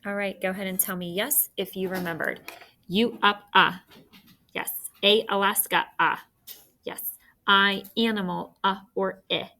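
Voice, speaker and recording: A woman teacher leading a dictation exercise with clear, upbeat instructions. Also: mid-range voice, fairly even intonation, unhurried, pushed and bright.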